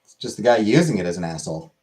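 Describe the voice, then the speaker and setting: A man's voice: on the low side, sing-song, racing, a little mellow. A man hosting a casual comedic monologue, crude and irreverent, rambling between jokes.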